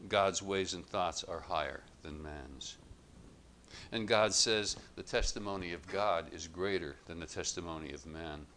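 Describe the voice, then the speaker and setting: Low-voiced preacher guy, bright forceful tone, measured emphatic sermon. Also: a little hiss or hum. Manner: measured, emphatic contrasts, rising louder on quotes.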